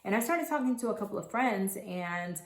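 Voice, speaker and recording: A woman in her thirties telling her own story to camera, earnest and halting, with many restarts. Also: medium pitch, expressive. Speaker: mother sharing her postpartum story. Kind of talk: personal testimonial to camera. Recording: echoey room.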